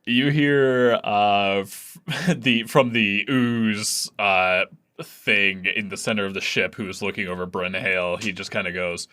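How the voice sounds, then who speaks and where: A man's voice: on the low side, fairly even intonation, measured pace, sharp tone. A man narrating as game master of a tabletop game, loose and full of fillers.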